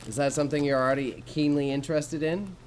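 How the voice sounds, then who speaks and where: A man's voice: on the high side, fairly even intonation, fast talker, heavy background noise. A young Canadian man with a Canadian accent, chatting casually and with slang to viewers during a livestream while he sorts jewelry. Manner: laid-back, slangy, swears casually, chats with viewers.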